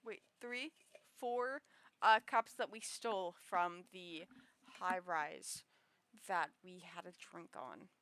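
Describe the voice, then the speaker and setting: A woman's voice: lowish voice, slow pace, a bit bright, no room sound. A young woman streaming, chatting casually with lots of giggles and fillers. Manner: giggly, filler-heavy rambling. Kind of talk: casual chat on a livestream.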